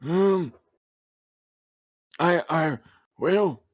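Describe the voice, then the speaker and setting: A man's voice: fairly high pitch, extremely slow, pitched above the performer's own voice. A man voicing a forgetful elderly grandfather cook with a Southern country accent, stammering and trailing off. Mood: flustered, doddering. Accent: American Southern country.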